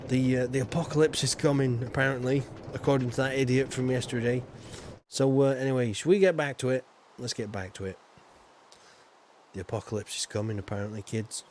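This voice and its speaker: A man's voice: medium pitch, brisk, a little mellow, a little hiss or hum. Rambling Yorkshire man chatting while gaming. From Yorkshire, England. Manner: rambling and chatty, full of "you know" asides. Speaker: streamer. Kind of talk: casual gaming chat.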